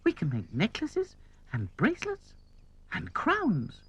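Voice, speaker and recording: Man doing a high timid doll girl. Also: wildly swooping pitch, slow pace, fairly bright tone, slightly rough, heavily acted. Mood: eager. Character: timid eager little female rag doll. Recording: music under the voice.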